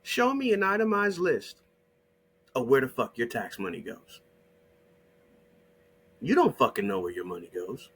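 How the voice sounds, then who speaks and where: A man giving profane, combative ranting commentary over a shared screen, hammering rhetorical questions and repeated demands in a husky voice. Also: medium pitch, big pitch swings, unhurried, long pauses, fairly bright tone. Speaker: online video creator.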